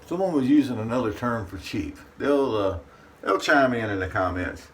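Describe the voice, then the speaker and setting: A man's voice: mid-range voice, expressive, moderate pace. A man hosting his shaving channel, chatting casually to the camera in a folksy way from his bathroom. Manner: folksy, talks about himself in third person. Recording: distant mic with faint room noise.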